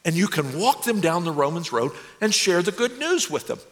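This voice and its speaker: A man voicing a stiff, formal, old-school businessman who mentors youth, speaking in a measured, proper, instructive way. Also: high voice, very animated. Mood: earnest coaching. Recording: long hall reverb.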